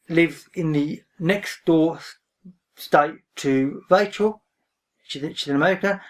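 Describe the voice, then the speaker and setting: A man vlogging about books in a casual, rambling way, reserved in manner. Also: fairly high pitch. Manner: reserved, rambling, often says "frankly". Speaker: book vlogger. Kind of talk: casual talk to camera. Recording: voice a bit distant from the mic.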